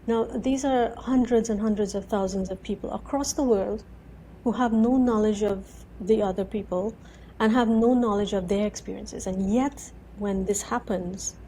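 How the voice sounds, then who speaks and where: A woman in her thirties, a guest in an interview, telling her story in an animated way, full of repeated "and"s and acting out her own words. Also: mid-range voice, a little hiss or hum, rough recording. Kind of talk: conversational interview.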